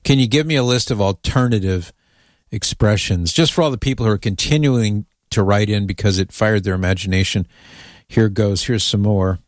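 A man hosts a radio talk show, chatting with easy amusement as he reads out listener emails. His voice sits on the lower side, and the studio sound is dry and close. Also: normal speed, no echo.

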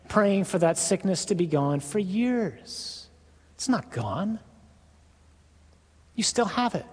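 A male priest delivers a sermon in an emphatic voice that drops to a hush at key moments. His voice sits a little high and sounds husky. A long echo from the hall trails after his words. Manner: emphatic, with hushed dramatic drops. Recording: echoey hall.

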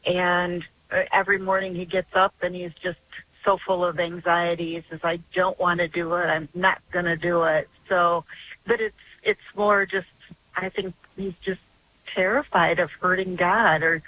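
A woman's voice: fairly low pitch, little pitch movement, normal speed, bright, forceful tone, poor audio. An older woman calling in to a talk show, telling a long story earnestly and in a rambling way. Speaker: caller. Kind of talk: phone-in call.

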